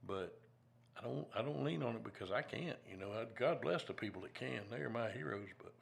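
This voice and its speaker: A man's voice: mid-range voice, a little fast, gravelly. A man hosting a casual chat with a fellow comedian, talking in a thoughtful, earnest way with many "you know"s. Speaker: host, comedian.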